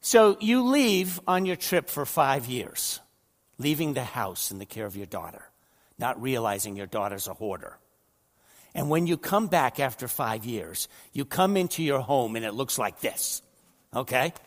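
A man's voice: mid-range voice, big pitch swings, measured pace, long reverb tail. An older man preaching a conversational sermon, often repeating words and putting questions to his listeners. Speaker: pastor. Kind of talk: sermon with slides.

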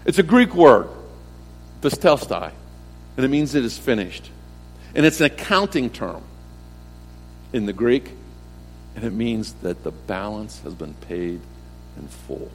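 A middle-aged pastor preaching a sermon in a conversational way, asking rhetorical questions and repeating key phrases, swinging between emphatic lines and soft, low ones. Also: male voice, animated, measured pace, long pauses, slight background noise. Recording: long hall reverb.

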